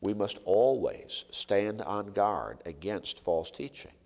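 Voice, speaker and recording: A man preaching a sermon with emphatic delivery, rising and falling and slowing on key words. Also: lowish voice, expressive, gravelly, darkish tone. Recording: long reverb of a large hall.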